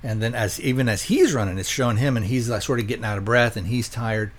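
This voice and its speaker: A podcast host reviewing a movie recaps its plot in a casual, rambling, conversational way, often stopping to correct himself. His mid-range voice is expressive and fast.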